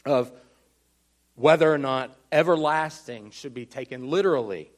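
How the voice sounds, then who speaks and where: A man preaching a teaching sermon, explaining earnestly and slowing down to stress key words. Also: medium pitch. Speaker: pastor.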